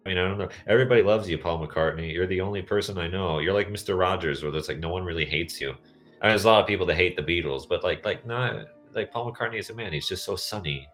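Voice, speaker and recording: A man with a very low, deep voice, chatting casually as a podcast co-host. He rambles and hops between tangents, with faint music underneath. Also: quick pace, a bit bright. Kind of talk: casual chat.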